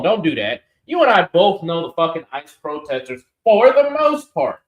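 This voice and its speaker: A combative man co-hosts a political reaction show, swearing hard and talking over the others. His voice sits a little high. The room around him echoes noticeably. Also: very animated, moderate pace, hardly any pauses. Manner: profane, argumentative, interrupts. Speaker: co-host. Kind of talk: heated political reaction chat. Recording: roomy echo.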